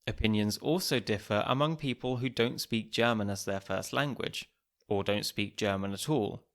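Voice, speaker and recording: A man hosting a podcast, reading scripted narration with a measured, even delivery. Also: lowish voice.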